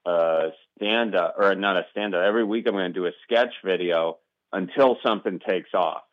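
A man with a Wisconsin accent, a comedian chatting as a guest in an interview, relaxed and rambling with lots of ums. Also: deep voice, normal speed, dry recording, highs cut off. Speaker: guest, comedian and video maker. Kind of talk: casual interview chat.

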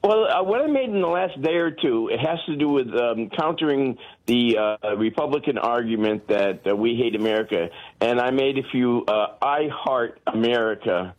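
A man's voice: mid-range voice, expressive, moderate pace, hardly any pauses, lo-fi sound. A man calling in to a radio show, speaking hesitantly with many fillers. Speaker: caller.

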